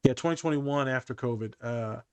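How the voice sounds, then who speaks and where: A therapist hosts a casual podcast chat, telling stories from his office in a smooth, mid-range voice that runs a little fast. He's an animated storyteller who acts out the quoted dialogue, and the recording is dry.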